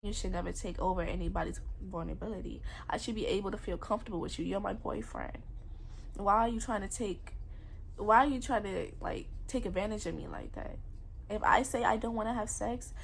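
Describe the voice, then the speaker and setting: A woman's voice: mid-range voice, a little fast, creaky, a little hiss or hum. A young woman candidly telling a painful personal story in a confessional vlog, emotional and rambling.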